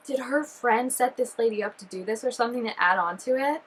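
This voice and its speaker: A woman chatting excitedly through a reaction video, full of fillers and giggly asides. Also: mid-range voice, normal speed, breathy edge, rough recording. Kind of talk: casual reaction commentary.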